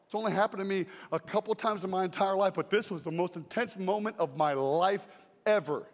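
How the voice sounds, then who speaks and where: Brief: male preacher, very high voice, animated sermon delivery with shouted punch lines, echoey hall. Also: fairly quick. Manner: animated, emphatic, shouts key phrases. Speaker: traveling preacher.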